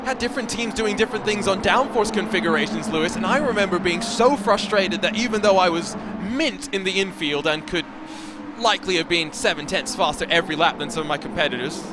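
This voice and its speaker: A man commentating an esports endurance race, analytical and brisk with jokey asides. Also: sits high, background noise.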